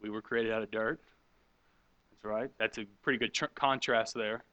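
Bright-voiced man teaching a Bible class. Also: on the low side, fairly even intonation, normal speed, no echo, lo-fi sound. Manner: conversational, asks the room questions and reacts to answers. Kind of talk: interactive sermon with audience questions.

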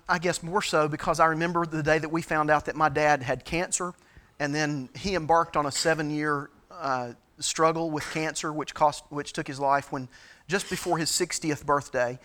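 A middle-aged man as a pastor, giving a sermon-style teaching talk, halting with frequent fillers and restarts. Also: on the high side, bright, forceful tone.

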